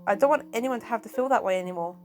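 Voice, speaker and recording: A woman's voice: on the high side, very fast, over music, close to an everyday voice. A woman voicing a timid, anxious young team leader who speaks hesitantly and sounds downcast. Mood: dejected.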